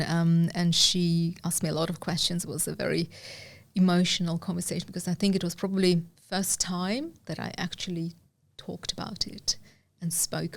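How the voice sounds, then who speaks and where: A woman's voice: lowish voice, gravelly. A middle-aged woman from Uzbekistan, a guest telling a personal story in an interview, earnest and hesitant with many fillers.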